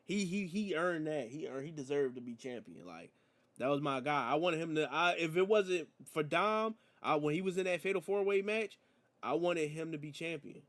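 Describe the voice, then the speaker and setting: A man's voice: on the high side, moderate pace. A man reviewing a wrestling show in a slangy, rambling, casual chat. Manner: slangy, rambling, animated storytelling.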